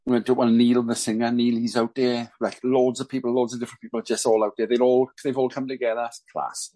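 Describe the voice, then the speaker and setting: A Welsh man, a guest musician, chatting casually and telling animated stories on a podcast. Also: mid-range voice, fast talker. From Wales.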